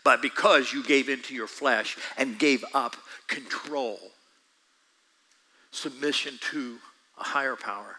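A man preaching a sermon, talking straight to his listeners with quick asides. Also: mid-range voice, pushed and bright, low-quality recording.

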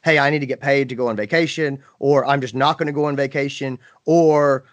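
A man's voice: mid-range voice, fairly even intonation, a little fast, dry recording, muffled recording. A man hosting a podcast in casual chat, acting out scenes with playful exaggeration. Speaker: podcast host.

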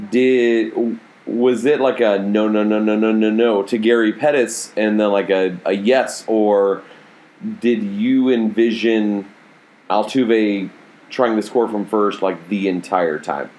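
Low-voiced man in casual sports chat. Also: darkish tone. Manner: loose, filler-heavy questions. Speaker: podcast co-host.

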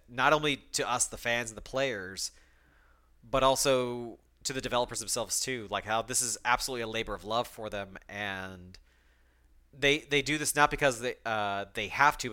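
A young man speaks in a bright voice on his solo podcast. His talk is emotional and full of ums and restarts, and he is choked up at times. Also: lowish voice. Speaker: podcast host.

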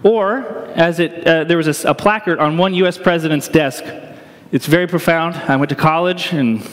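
A pastor preaching an Easter sermon in a conversational, joking way, often checking in with "right?". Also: male voice, on the high side, normal speed. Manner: conversational, self-deprecating humor, asks "right?" often. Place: church sanctuary. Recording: reverberant church hall.

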